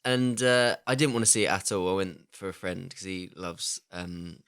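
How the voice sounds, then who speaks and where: A young man, co-hosting a casual film podcast, telling stories in a lively, sweary way. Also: deep voice, normal speed, smooth. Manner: lively, swearing, laughs through his stories. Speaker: podcast co-host.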